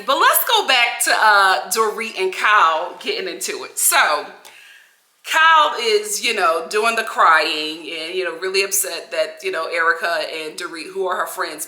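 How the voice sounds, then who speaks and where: A woman vlogger giving casual reality-TV commentary in an animated, sassy, slangy way. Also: medium pitch, moderate pace, reverberant. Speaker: vlogger, TV recap host.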